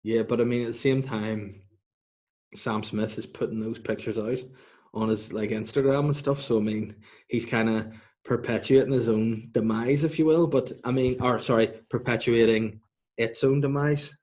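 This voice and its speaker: A man's voice: medium pitch, fairly even intonation, normal speed, a little mellow. A man co-hosting a comedy podcast, chatting casually, laughing often and slipping into silly voices. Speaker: podcast co-host.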